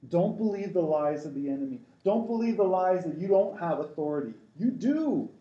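A man's voice: high voice, expressive, normal speed, warm tone, echoey room, dull audio. A middle-aged man preaching, urging his listeners on and often restarting his sentences as he rambles through a dream story. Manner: rambling, many restarts, exhortative. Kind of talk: sermon.

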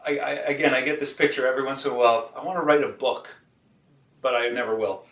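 Animated, bright-voiced man host. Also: medium pitch, fast talker. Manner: rambling, animated, laughs easily. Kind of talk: casual faith discussion. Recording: roomy sound, mic at a distance.

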